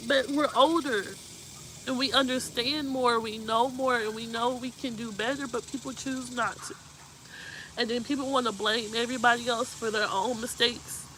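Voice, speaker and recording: A live talk show host speaks in a fairly high, steady voice with a sharp tone at a moderate pace, over slight background noise on a rough recording. She's earnest and emotional as she dispenses heartfelt advice, continually asking whether you know what she means.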